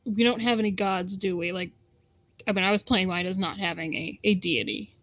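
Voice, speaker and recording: A woman's voice: medium pitch, brisk, fairly bright tone. A woman playing a tabletop game, talking hesitantly and breaking off mid-sentence. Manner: hesitant, stops and restarts. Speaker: player. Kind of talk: casual tabletop play.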